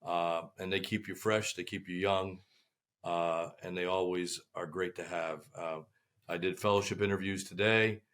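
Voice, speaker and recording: An older man, a guest surgeon on a podcast, speaking in a halting way with many pauses. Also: sits low, fairly even intonation, fairly bright tone. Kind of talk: casual podcast interview.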